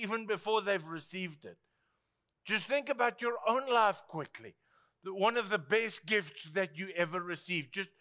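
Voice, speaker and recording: Animated high-voiced South African preacher. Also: male voice. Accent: South African English. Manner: animated, swings between loud asides and hushed quoted lines. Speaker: pastor. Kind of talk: sermon.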